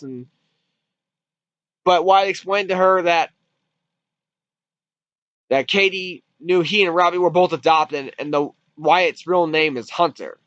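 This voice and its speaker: A movie reviewer with a fairly high, slightly bright voice retells a film's plot casually and unhurriedly, with long pauses, rambling restarts, and free swearing. The recording is dry and dull lo-fi with no echo.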